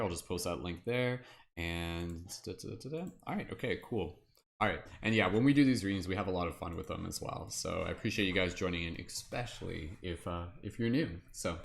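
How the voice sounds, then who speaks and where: Man, deep voice, live stream host, casual, rambling, upbeat. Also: a little hiss or hum. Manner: rambling, many "like" fillers, upbeat.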